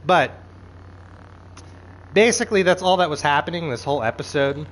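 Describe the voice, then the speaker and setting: Speaking at a moderate pace in a fairly high voice, a man reviews a show with a casual, profane recap, full of exasperated, animated rants and quoted lines he acts out. The recording quality is low.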